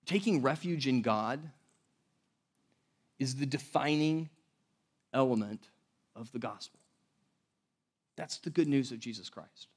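A man's voice: medium pitch, expressive, a little slow, pauses often. A man pastor giving a conversational sermon, with chuckling asides and frequent restarts. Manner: conversational, laughing asides, repeats words.

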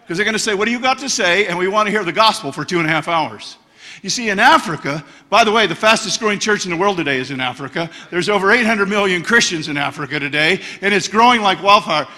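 In a church hall with noticeable reverb, a high-pitched middle-aged man from the United States preaches as a guest speaker. He's passionate and full of stories, breaking into bursts of shouting.

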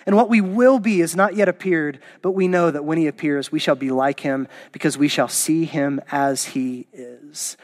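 A man's voice: on the high side, moderate pace, few pauses, a little mellow, no room sound. A man preaching a sermon as a pastor, passionate and emphatic, his voice rising into exclamations. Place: church auditorium.

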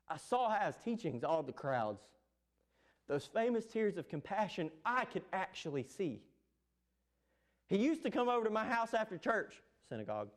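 Lazarus, a grown man, looks back on a dear friend in an earnest, recited way, as a male preacher voices him from a song. The voice sits high for a man.

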